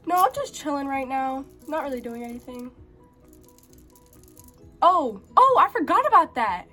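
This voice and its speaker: A young woman playing a teenage girl who takes her mom's car out, talking to herself out loud as she goes. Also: high voice. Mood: casual, excited. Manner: chatty, talks to herself out loud. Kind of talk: short-film acting.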